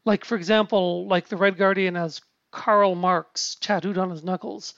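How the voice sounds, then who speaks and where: A man chatting casually about a film, halting often with restarts, fillers and casual swearing. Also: high voice, steady tone, vocal fry, fairly bright tone, dry recording. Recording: dull lo-fi sound.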